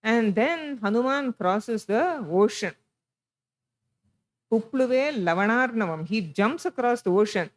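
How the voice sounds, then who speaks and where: High-voiced Indian woman lecturing. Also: expressive, a little slow, low-quality recording. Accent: Indian English. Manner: storytelling, acts out quoted lines, chants Sanskrit verses. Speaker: guest lecturer on temple sculpture. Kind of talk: illustrated lecture.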